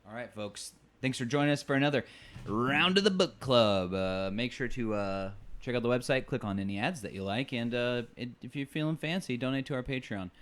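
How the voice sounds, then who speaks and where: A man's voice: medium pitch, lively intonation, fairly quick, a bit bright. A man hosting a book club podcast, reading a novel aloud and now and then stumbling over words.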